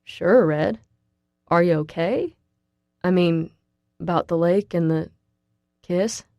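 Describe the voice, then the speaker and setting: A woman voicing a laid-back college guy with a slow drawl. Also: on the low side, vocal fry, darkish tone, no echo, clean studio sound. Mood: tender. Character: young man, laid-back charming college boyfriend.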